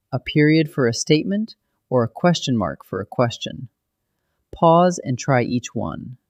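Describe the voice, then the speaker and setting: A man's voice: mid-range voice, dry recording. Patient male grammar teacher, dry sound. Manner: clear, patient, explaining step by step. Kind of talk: scripted lesson narration.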